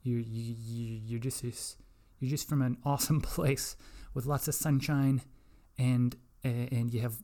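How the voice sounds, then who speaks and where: A man's voice: medium pitch, steady tone, unhurried, warm tone. A young man hosting a casual solo podcast, rambling, profane and self-mocking. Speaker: podcast host.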